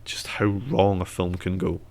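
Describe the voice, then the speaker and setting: A man's voice: sits low, fairly even intonation, a little slow, vocal fry, darkish tone. A young man on a podcast, casual chat, blunt, opinionated and sardonic. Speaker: podcast co-host.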